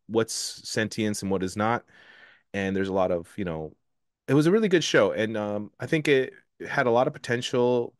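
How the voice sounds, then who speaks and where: A man talks through his pick on a podcast in a halting way, with lots of fillers. His voice is fairly low, and the recording is dry and close. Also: no room sound. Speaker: podcast guest. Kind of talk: casual podcast chat.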